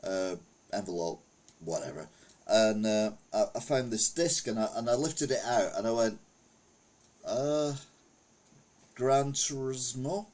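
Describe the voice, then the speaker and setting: On a retro gaming live stream, a middle-aged man from England talks in a fairly low, slightly mellow voice at normal speed. He meanders through old stories in a casual, anecdotal way and reads chat messages out loud.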